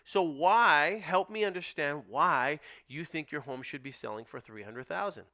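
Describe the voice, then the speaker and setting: A man's voice: moderate pace, bright, forceful tone. A man teaching real estate wholesaling, emphatic and direct, acting out lines to sellers. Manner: emphatic, role-plays seller scripts with dropping pitch. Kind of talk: instructional presentation.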